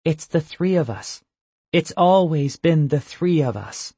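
A man's voice: on the high side, expressive, unhurried, mellow, husky, dry recording, pitched above the performer's own voice, heavily acted. A man voicing a distressed teenage girl who wants to go home, speaking in a pleading, raised voice.

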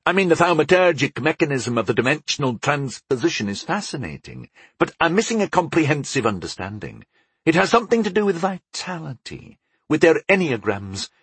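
A man's voice: fairly high pitch, sing-song, brisk, fairly bright tone, husky, dry recording, voice pushed up, exaggerated voice. A man reading as a smug young enchanter. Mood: eager. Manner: playful, knowing. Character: young mischievous male enchanter, smug and clever. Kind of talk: audiobook character voice.

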